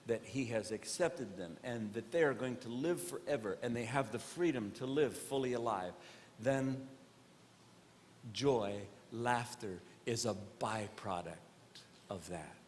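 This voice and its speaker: A man performing live stand-up comedy on stage. He questions audience members directly and swings between earnest preaching and loud comic bits. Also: mid-range voice, unhurried. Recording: long hall reverb, faint noise.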